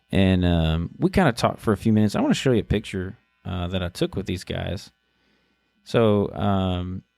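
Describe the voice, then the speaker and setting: A low-pitched man in his thirties tells a story on his podcast in a relaxed, halting way, full of restarts and fillers. His voice has a gravelly edge, and the recording is dry and close. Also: no room sound. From Texas. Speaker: podcast host. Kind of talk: casual storytelling monologue.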